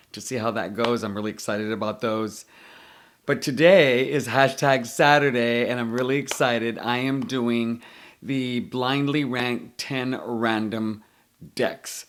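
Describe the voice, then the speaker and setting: A middle-aged man hosting his own tarot channel, chatting casually and with self-mocking, playful melodrama. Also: mid-range voice. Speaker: tarot vlogger, channel host. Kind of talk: casual vlog chat.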